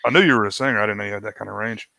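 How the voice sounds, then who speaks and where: A man's voice: on the low side, fairly even intonation, racing, gravelly, bright, forceful tone. A man co-hosting a casual movie discussion podcast, speaking in short, laid-back remarks. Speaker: podcast co-host. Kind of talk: casual film discussion chat.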